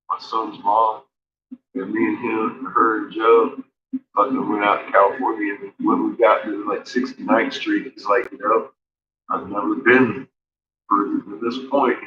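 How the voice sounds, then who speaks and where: A man telling rambling, profanity-laced stories in casual chat, laughing often between remarks. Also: on the low side. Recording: dull lo-fi stream audio.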